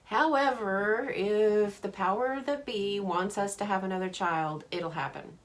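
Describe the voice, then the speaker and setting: A woman's voice: mid-range voice, measured pace. A woman giving a casual, chatty card-making demonstration. She answers viewer comments as she goes and laughs often. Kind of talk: casual live craft demo.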